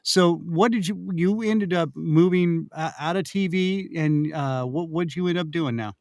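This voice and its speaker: Male host, slightly high voice, dry close sound, casual rambling questions. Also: creaky, a little mellow, no room sound. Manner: loose, halting questions with many fillers. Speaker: podcast host. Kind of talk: casual interview chat.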